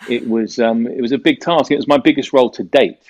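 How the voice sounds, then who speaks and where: A British actor from the United Kingdom, giving an interview and telling stories in a rambling way, with many fillers. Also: male voice, medium pitch, quick pace, a little mellow. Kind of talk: casual interview talk.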